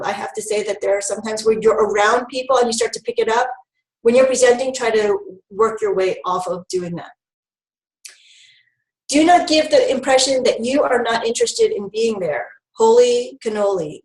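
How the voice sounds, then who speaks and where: A woman health educator talks fast and animatedly through public speaking tips, with plenty of fillers. Her fairly high voice comes from some way off the mic in an echoing room. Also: a little mellow. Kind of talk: public speaking training talk. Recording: roomy, mic at a distance.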